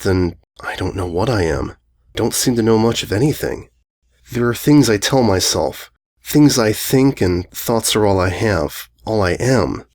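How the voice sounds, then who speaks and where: A man narrating a first-person ghost story aloud, in a brooding, unhurried, musing way. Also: on the low side. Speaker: audiobook narrator.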